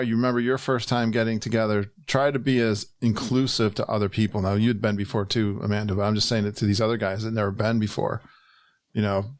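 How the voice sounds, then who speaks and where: A man's voice: fairly low pitch, no room sound, clean studio sound. A man hosting a casual podcast roundtable, upbeat and chatty, laughing often. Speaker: podcast host.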